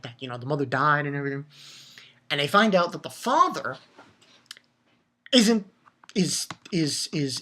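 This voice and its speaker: Male anime reviewer, casual recap, excitable, profane, stumbles and repeats words. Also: fairly high pitch, a little hiss or hum.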